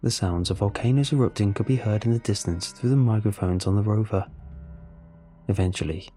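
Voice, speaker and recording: A man narrating a first-person story in a measured, even storytelling voice. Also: on the low side, faint music behind.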